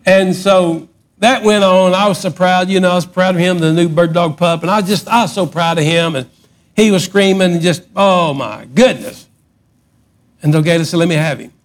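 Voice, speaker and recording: A middle-aged man preaching a sermon, swinging from loud emphatic outbursts to hushed lines. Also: sits high, fairly even intonation, fairly quick. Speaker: pastor.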